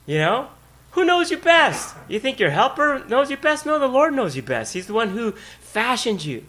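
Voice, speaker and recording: High, bright-voiced preaching pastor. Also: male voice, very animated, moderate pace. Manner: emphatic, repeats key words, asks the congregation questions. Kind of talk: sermon. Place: church.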